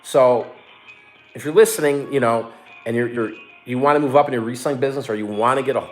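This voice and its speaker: Telling a story in relaxed conversation, a middle-aged man who resells online gets animated, cursing while imitating what others said. He talks quickly in a mid-range voice with faint music in the background.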